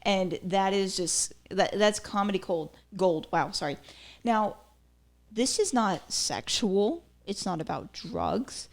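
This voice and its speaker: Speaking slowly in an expressive, mid-range voice, this woman hosts a podcast and delivers opinionated, casual commentary packed with filler words.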